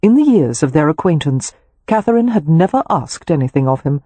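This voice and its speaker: A woman narrating an audiobook in a measured storytelling manner, recorded on a close mic. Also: low-pitched, big pitch swings, dark tone, breathy edge, no echo. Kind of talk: scripted narration.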